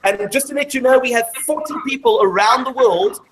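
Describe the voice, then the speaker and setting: A woman's voice: fairly high pitch, a little fast, breathy edge, low-quality recording. A woman presenting a live maths show to a classroom of children, explaining step by step and quizzing the class as she goes.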